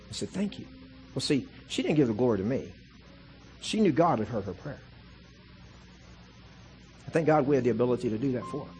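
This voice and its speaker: A man's voice: medium pitch, a little mellow. A man preaching a sermon as pastor, telling stories in a conversational way and building to impassioned, fervent preaching. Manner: conversational storytelling with repeated "see" and restarts.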